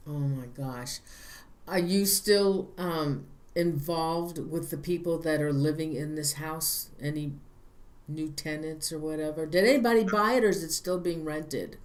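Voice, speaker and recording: A man's voice: fairly high pitch, steady tone, unhurried. Host asking brief questions, man. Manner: short reactions and questions. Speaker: interview host.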